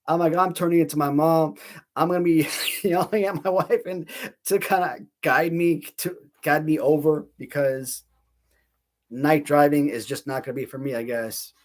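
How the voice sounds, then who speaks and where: A man in his thirties hosts a casual livestream as the channel host, rambling between stories, mocking himself, laughing often and restarting a lot. His voice is a little high, with fairly even intonation and a moderate pace.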